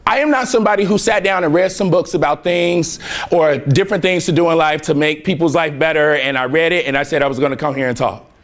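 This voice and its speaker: A young man from near Chicago giving an energetic keynote speech to students, joking and leading call-and-response chants with slangy, playful talk. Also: fairly high pitch, fast. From Harvey, Illinois, near Chicago. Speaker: keynote speaker. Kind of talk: motivational speech to a student crowd. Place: large hall with a student audience.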